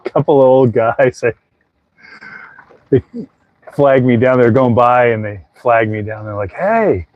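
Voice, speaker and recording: A man's voice: mid-range voice, level tone, unhurried, dry recording, phone-quality sound. A man co-hosting a casual chat aboard a sailboat, rambling as he tells a story and acts out what others said. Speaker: podcast co-host.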